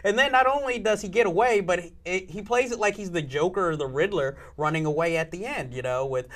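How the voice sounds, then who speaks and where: A man's voice: sits high, fairly quick, hardly any pauses, fairly bright tone. A man co-hosting a film review show, talking casually and mocking a cheesy film with an exasperated tone. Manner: exasperated, laughing, mocks cliches. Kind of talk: casual group chat. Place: public access TV studio.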